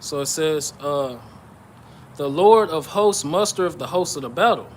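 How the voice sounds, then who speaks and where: A man giving an informal sermon on prophecy, reading scripture aloud and explaining it, often checking in with "okay?" and "all right?" and pausing with "uh". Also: fairly high pitch, lively intonation, a little hiss or hum. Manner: pauses with "uh" and restarts. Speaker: bible teacher.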